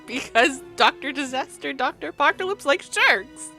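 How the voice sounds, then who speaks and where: A woman's voice: high-pitched, animated, moderate pace, pushed and bright, faint music behind. A woman narrating as game master of a tabletop game, often breaking into laughter.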